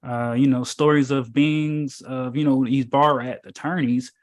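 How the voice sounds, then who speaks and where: A man's voice: mid-range voice, steady tone, measured pace. Male spiritual teacher, mid-range voice, loose preachy delivery, leans on fillers and rhetorical questions. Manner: emphatic, rambling, with many fillers and rhetorical questions. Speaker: spiritual teacher in an informal meetup. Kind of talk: casual preachy talk.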